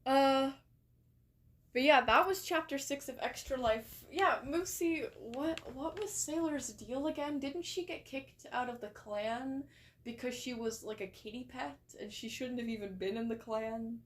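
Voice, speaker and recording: A young woman from England talks on a live stream in a casual, rambling way. Her voice sits a little high. She reacts to her chat, swears freely and laughs easily. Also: a little slow.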